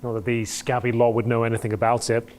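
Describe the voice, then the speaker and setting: A man's voice: medium pitch, level tone, quick pace, darkish tone, a little hiss or hum, natural voice. An actor playing a pompous, condescending man who calls himself a survivalist, botanist and swordsman. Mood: haughty. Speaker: skit character.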